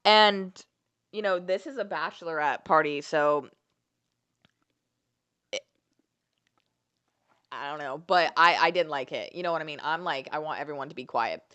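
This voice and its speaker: A young woman vlogger telling a story in an animated, profane, candid way. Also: low-pitched. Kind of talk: storytime vlog.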